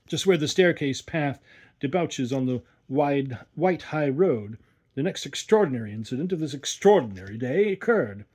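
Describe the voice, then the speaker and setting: Guy reading an old short story out loud, husky voice, lots of ups and downs. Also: mid-range voice, animated, normal speed. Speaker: audiobook reader. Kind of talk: scripted narration.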